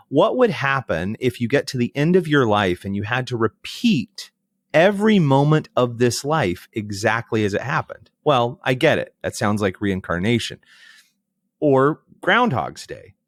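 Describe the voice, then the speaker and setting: A man's voice: medium pitch, no echo. Guy in his 30s explaining ideas thoughtfully, voice swings up and down a lot, dry sound. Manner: thoughtful, storytelling, emphatic asides. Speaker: podcast guest. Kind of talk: reflective conversational explanation.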